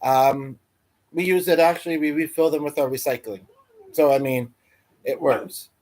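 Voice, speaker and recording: A man's voice: fairly high pitch, normal speed, darkish tone. Rambling man chatting on a livestream. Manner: meandering, full of fillers and restarts. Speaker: livestream host. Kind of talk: rambling casual livestream chat.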